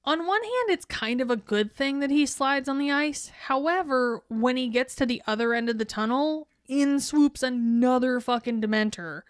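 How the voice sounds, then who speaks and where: A woman's voice: high voice, moderate pace, hardly any pauses, dry recording, clean studio sound. Snarky, foul-mouthed podcast co-host woman. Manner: profane, laughing, snarky. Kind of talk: casual chat.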